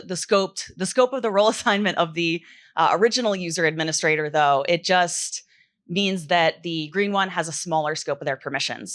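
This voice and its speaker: A woman presenting a technical talk at a conference, explaining in a relaxed way with frequent fillers. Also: lowish voice. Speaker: conference speaker. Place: conference stage.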